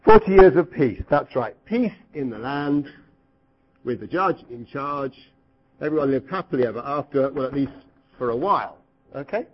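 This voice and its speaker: A middle-aged man teaching the Bible to a live group, lively and questioning, sometimes acting out cries. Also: mid-range voice, normal speed, breathy edge, lo-fi sound. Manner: asks the audience questions, lively, acts out cries.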